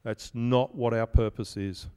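A man's voice: mid-range voice, fairly even intonation, a little slow, warm tone, clear, resonant tone, in a large hall. A man giving a conversational sermon as pastor, telling stories with self-deprecating humor.

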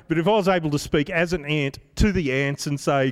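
A man's voice: fairly high pitch, fast talker, few pauses, in a large hall. A man giving a conversational sermon as pastor, telling stories with self-deprecating humor.

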